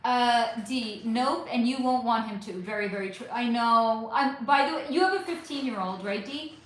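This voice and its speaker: Casual woman livestream host, high voice, very echoey room, faint hiss, phone mic. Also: normal speed. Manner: chatty, rambling, swears casually. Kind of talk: casual livestream chat reading comments. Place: bright living room at home. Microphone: phone without external microphone.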